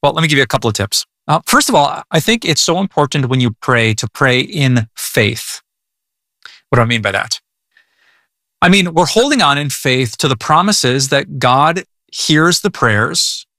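A man's voice: medium pitch, lively intonation, moderate pace, bright, forceful tone, dry recording, clean studio sound. A male pastor teaching about prayer in an earnest, conversational way, often stammering and repeating words. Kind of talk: devotional teaching.

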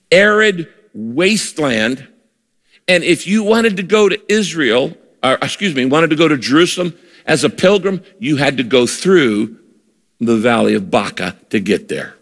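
A man's voice: a little high, vocal fry, a bit bright. A man preaching a sermon, emphatic and repeating key phrases for effect. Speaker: pastor. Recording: reverberant hall.

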